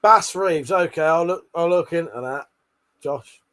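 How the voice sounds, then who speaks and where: A man's voice: a little high, measured pace, a bit bright. A man hosting a late-night livestream, chatting with viewers while he swears a lot, laughs often and bickers. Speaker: livestream host.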